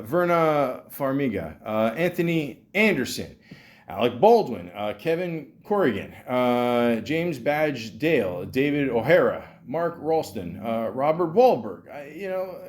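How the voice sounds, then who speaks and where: Guy rambling about movies on his podcast, swears a lot, voice jumps up and down. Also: medium pitch. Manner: rambling, excitable, swears freely, many restarts. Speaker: podcast host. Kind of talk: casual movie review monologue.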